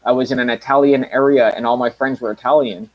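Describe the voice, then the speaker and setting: A man's voice: mid-range voice, fairly even intonation, fast talker, lo-fi sound. A Canadian man with a mild Canadian accent talking casually to his viewers, rambling with lots of ums, restarts and blunt remarks. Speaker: reviewer.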